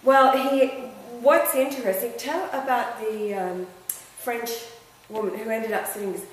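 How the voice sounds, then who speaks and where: A woman's voice: a little high, steady tone, unhurried. A woman co-hosting a casual talk show who keeps prompting and steering her guest. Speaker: co-host. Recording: echoey room, distant mic, faint noise.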